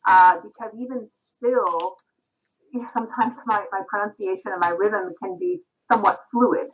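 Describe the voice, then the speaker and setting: A woman's voice: medium pitch, fairly even intonation, a little slow, husky. A woman from Canada, a singer-songwriter, talking thoughtfully and reflectively as a guest in a video-call interview. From Canada, Vancouver. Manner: thoughtful, reflective, with frequent restarts. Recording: slightly dull Skype audio.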